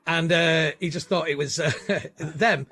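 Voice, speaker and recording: A man's voice: a little high, steady tone, measured pace, pushed and bright, slightly rough. A male comedian guest telling a rambling, self-deprecating anecdote, acting out the quotes.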